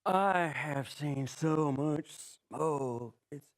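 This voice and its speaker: A man's voice: on the high side, extremely slow, voice pushed down, rough recording. A man playing a stoned bystander who is happily enjoying the smoke, in an improv comedy scene. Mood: blissed-out.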